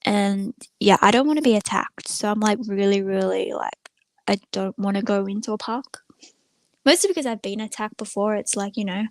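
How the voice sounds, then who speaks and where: A woman hangs out on a casual live stream from a room at home, talking loosely to her viewers. She rambles from thought to thought with plenty of fillers. Her voice sits at an everyday middle pitch and sounds dry, with no room echo. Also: moderate pace. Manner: rambling, many filler words, chatting to viewers. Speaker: small channel live streamer. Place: room at home with the door closed.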